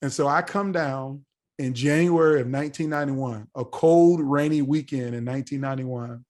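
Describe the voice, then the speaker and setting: A man in his forties, a podcast guest telling a story in a casual, animated way and acting out the dialogue. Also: mid-range voice. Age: 40s. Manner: animated, acts out quoted dialogue.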